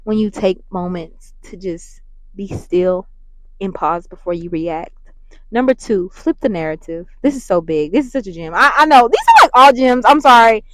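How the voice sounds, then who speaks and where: A woman hosting a faith-based motivational talk, animated and preachy, who keeps apologizing and laughing at herself. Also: medium pitch, moderate pace, no echo, poor audio. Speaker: podcast host and mentor.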